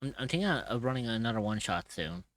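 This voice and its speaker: Male streamer, casual and sweary, quick to laugh; plain mid voice, dry close mic. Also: mid-range voice, lively intonation, fairly bright tone, no room sound. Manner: laughs often, swears casually, hums while working. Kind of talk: casual chat while drawing on stream.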